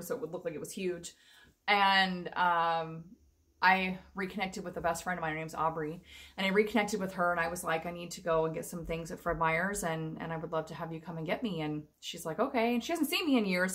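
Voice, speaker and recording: A woman's voice: on the low side, fairly bright tone. A young adult woman telling her personal story in a casual, rambling, emotional vlog. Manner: chatty, rambling, emotional, with frequent fillers and laughs. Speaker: vlogger.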